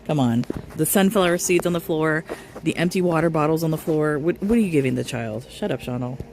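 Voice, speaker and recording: Low-voiced woman mocking a clip. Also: a little fast, noisy background. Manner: scornful, mocking, blunt. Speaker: commentary channel host. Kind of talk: sarcastic reaction commentary.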